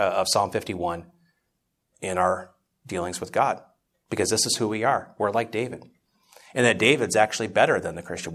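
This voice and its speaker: A man's voice: low voice, a bit bright. A man preaching in a church Bible class, telling a story conversationally and growing more impassioned as he teaches, often restarting his words. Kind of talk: sermon-style Bible teaching.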